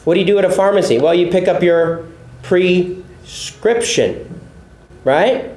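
High-voiced male pastor teaching in an echoey room. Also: quick pace, darkish tone. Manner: explanatory, repeats points, asks the audience questions. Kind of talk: sermon teaching from the pulpit.

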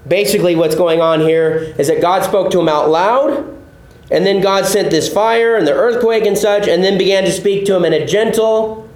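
A man's voice: a little high, a little mellow, roomy sound, poor audio. A male pastor teaching a sermon, explaining a text step by step, repeating key points and putting questions to his listeners.

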